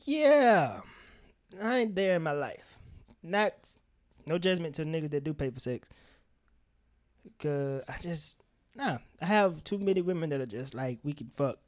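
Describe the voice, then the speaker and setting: A man's voice: on the high side, unhurried, long pauses. A man co-hosting a podcast, talking candidly and emphatically with plenty of swearing. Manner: animated, emphatic storytelling with frequent swearing. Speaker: podcast co-host. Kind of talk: candid casual chat.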